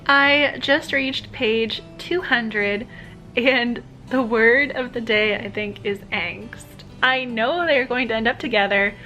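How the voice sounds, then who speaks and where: A woman's voice: fairly high pitch, takes it slowly, pushed and bright, faint music behind, rough recording. A woman keeping a casual video diary at home, chatting and gushing about the books she is reading and checking in on the time. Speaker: book vlogger.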